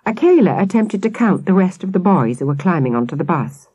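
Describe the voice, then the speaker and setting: A woman narrating a children's audiobook with expressive, lively storytelling. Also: lowish voice, brisk, breathy edge, dry recording.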